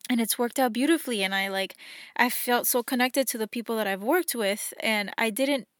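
A woman's voice: fairly high pitch, fairly quick, dry recording, clean studio sound. A young woman hosting a reflective solo podcast, talking in an earnest, encouraging way and acting out the voices in her head. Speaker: podcast host.

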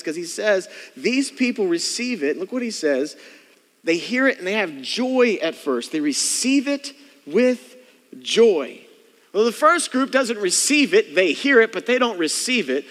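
Brief: male pastor, high voice, casual preaching that mimics the congregation, long reverb of a church hall. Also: sing-song, normal speed, a bit bright. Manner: conversational preaching, mimics churchgoers' inner thoughts. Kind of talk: sermon.

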